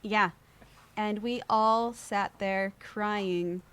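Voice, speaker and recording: A woman guest on a podcast, telling a personal story in lively conversation and acting out the voices of people she quotes. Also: mid-range voice, very slow, slight background noise.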